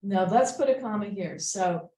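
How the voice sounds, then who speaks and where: A woman's voice: medium pitch, normal speed, dark tone, roomy sound, low-quality recording. A woman teaching a writing class, patiently reading sentences aloud again and again to check the commas. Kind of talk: editing a student essay aloud in class.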